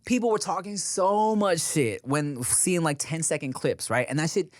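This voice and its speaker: A man's voice: fairly high pitch, normal speed, dry recording, studio quality. A man co-hosting a casual podcast, talking in slang and giving strong opinions. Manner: slangy, opinionated, says dog and bruh. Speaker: podcast co-host.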